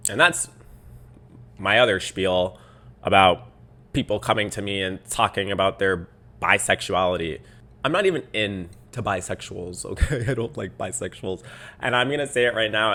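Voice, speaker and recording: Young male podcast host, bright edgy voice, exasperated storyteller. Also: fairly low pitch. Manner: exasperated, animated storytelling with mocking quoted voices. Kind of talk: casual podcast rant.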